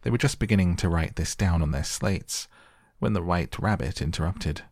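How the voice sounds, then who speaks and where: A man narrates a storybook slowly and soothingly for bedtime listening. His voice is very deep and gravelly, with a husky grain. The sound is close and dry. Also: no room sound. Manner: calm, slow, soothing. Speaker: audiobook narrator. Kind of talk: soft bedtime storybook reading.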